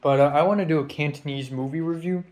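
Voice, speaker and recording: A man's voice: fairly high pitch, steady tone, fast talker, background noise. A young man from Hong Kong vlogging in a casual, rambling rant, swearing a lot and restarting his sentences. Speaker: YouTube vlogger.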